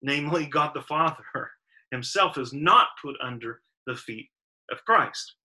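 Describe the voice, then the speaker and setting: A man with a very bright, ringing voice teaches a Sabbath Bible study. He walks through the verses methodically and leans hard on each word in a list. His voice sits a little high for a man. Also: expressive, a little slow, poor audio. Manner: methodical, stressing lists of verbs with emphasis.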